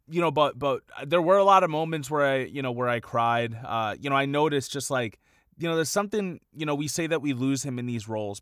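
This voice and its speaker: A man co-hosting a podcast in a relaxed, conversational way. He rambles through his points, leaning on "like" and "you know" as he goes. His voice sits at an ordinary male pitch and sounds dry and close, with no room around it. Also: no echo. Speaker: podcast co-host. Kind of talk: casual podcast chat.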